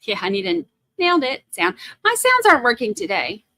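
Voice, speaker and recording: A woman's voice: sits high, wildly swooping pitch, brisk, sharp tone, no room sound. A woman hosting a trial stream, chatting in a casual, playful way on a close mic. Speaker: host commenting on a trial stream. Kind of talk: casual live commentary.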